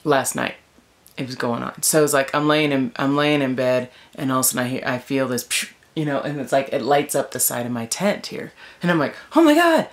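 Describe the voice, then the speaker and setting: Animated chatty woman in a tent. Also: extremely low pitch, a little fast. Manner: animated, full of "like" and "you know". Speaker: wilderness vlogger. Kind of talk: casual storytelling chat. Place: inside a tent in the woods.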